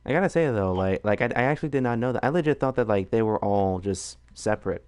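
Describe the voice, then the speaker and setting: Young man, from the United States, casual late-night chat, joking, slightly low pitch. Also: animated, quick pace, darkish tone, smooth. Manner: goofy, joking, laughs often. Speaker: streamer.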